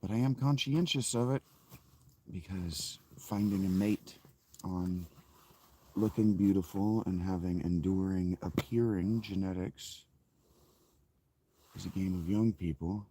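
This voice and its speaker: In this clip a man in his thirties reads his own novel, drifting into relaxed, thoughtful chat and frequently correcting himself. His dark-toned voice sits low, and he keeps a measured pace with many pauses. A little hiss or hum can be heard.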